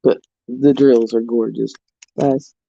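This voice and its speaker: A woman chatting casually on her craft vlog as an animated storyteller, recorded at home. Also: rumbling low, slow pace, vocal fry, no room sound. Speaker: crafting vlogger. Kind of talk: casual chat. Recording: muffled, dull sound.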